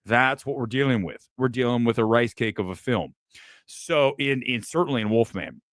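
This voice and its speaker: A man hosts a live movie review stream and rattles off award picks in clipped fragments. He is blunt and opinionated and slides into profane, mocking rants. His voice sits at a middling pitch and sounds close and dry, with no room around it. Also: a bit bright, no room sound. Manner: talks in quick fragmented lists. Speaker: movie review show host.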